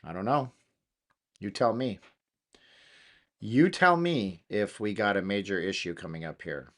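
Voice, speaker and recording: Excitable slangy man hosting a studio chat. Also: fairly low pitch, measured pace. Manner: excitable, slangy, thinking aloud. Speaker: channel host. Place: home studio.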